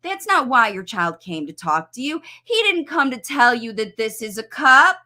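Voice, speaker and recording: A woman's voice: a little high, sing-song, moderate pace, pushed and bright. A woman speech-language pathologist coaching parents on a live stream, explaining with enthusiasm and everyday examples.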